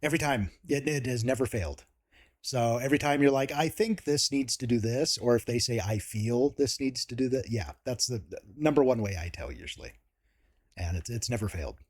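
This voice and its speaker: Husky-voiced man hosting a chat. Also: medium pitch, fairly quick, a little mellow. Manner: chatty, chuckles often. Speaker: host. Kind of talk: casual interview chat.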